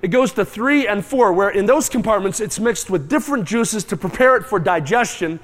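A man preaching a sermon, animated and folksy, mooing and calling on the congregation to join in. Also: sits high, moderate pace. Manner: animated, moos and chews aloud, calls on the crowd. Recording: long hall reverb.

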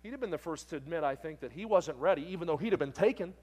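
A middle-aged man preaching a sermon, telling a story with acted-out voices that swing from loud bursts to hushed, tender moments. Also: fairly high pitch, expressive, very fast, breathy edge.

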